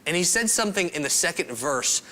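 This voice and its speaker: Bright-voiced young man, animated and chatty. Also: a little high, fairly quick. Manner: animated, self-deprecating, rambling. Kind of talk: casual youth service talk.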